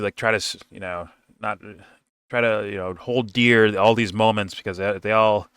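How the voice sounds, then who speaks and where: A man's voice: deep voice, sharp tone, clear, resonant tone, no room sound, studio quality. A man giving a casual, rambling film review, swearing freely and laughing often.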